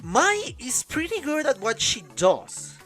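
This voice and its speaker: A woman's voice: high-pitched, sing-song, slow, fairly bright tone, faint music behind. A woman hosting an anime reaction, talking casually in non-native English and often breaking into laughter.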